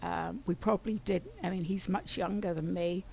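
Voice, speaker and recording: A woman's voice: lowish voice, fairly even intonation, normal speed, creaky, a little mellow. An older woman from London with a London English accent, giving a meandering spiritual talk full of ums and restarts. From London, England. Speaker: spiritual channeler.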